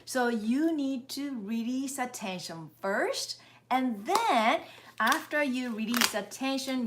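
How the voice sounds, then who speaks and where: A woman's voice: on the high side, slight background noise. A woman teaching face exercises in a live-streamed lesson, coaching viewers step by step and checking in that they are following along. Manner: demonstrates and counts out steps slowly. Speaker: face yoga instructor.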